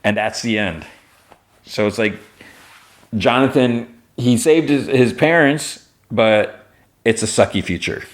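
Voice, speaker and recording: A man's voice: mid-range voice, slow. A man hosting a podcast, casually retelling an episode in a rambling way full of fillers and restarts. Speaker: podcast host.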